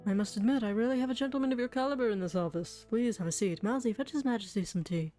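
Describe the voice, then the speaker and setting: A woman voicing a sly, scheming male fox lawyer with a smooth, wheedling, theatrical manner, in game voice acting. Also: fairly high pitch, fast, dark tone, soft background music, natural voice.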